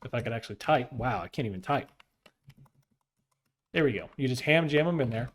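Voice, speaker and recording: A man's voice: medium pitch, expressive, brisk. Casual man walking through a spreadsheet. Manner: loose, chatty explaining with slang and fillers. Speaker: tutorial host. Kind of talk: casual screen-share tutorial.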